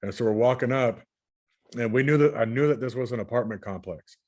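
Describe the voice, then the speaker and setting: A man's voice: mid-range voice, brisk. A man from California recounting his dreams in a casual, rambling way, often repeating and restarting his words as he shares his screen. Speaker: channel host recounting dreams. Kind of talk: casual spoken recounting while screen sharing.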